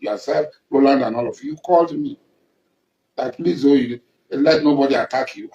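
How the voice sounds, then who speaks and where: A man's voice: on the high side, roomy sound, low-quality recording. A middle-aged Nigerian man in a confrontational public address, accusing and emphatic, repeating lines for force. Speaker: traditional ruler and political figure.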